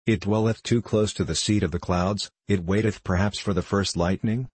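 A man's voice: lowish voice, steady tone, darkish tone, breathy edge, no room sound. A man reading as a grave, solemn prophet. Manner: measured, unhurried reading of archaic speech. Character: solemn wise male prophet, calm and grave.

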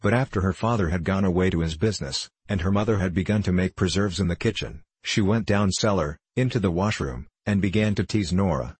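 A man reading a children's storybook aloud in a measured, even way. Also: low-pitched, husky, dry recording. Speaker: audiobook reader. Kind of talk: scripted narration of a children's book.

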